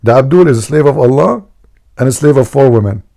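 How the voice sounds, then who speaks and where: Gravelly-voiced joking livestream host. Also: male voice, medium pitch, lively intonation, fast talker, dark tone. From Middle East. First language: Arabic. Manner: joking, mocking storyteller. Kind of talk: casual livestream talk.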